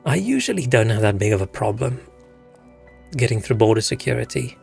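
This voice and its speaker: A young man with a gravelly edge rambles through a story between game moments, dropping swear words. His voice sits at an ordinary middle pitch, and soft game music plays underneath. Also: big pitch swings, a little fast. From South Africa. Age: young adult. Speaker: game streamer. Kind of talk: casual chat while gaming.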